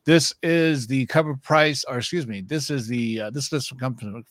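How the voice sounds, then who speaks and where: A relaxed man hosting a live stream. He jokes casually and rolls through sponsor spots. His voice sounds dry and close to the mic. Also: mid-range voice, moderate pace, no echo. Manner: loose, joking, reads sponsor spots. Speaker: co-host.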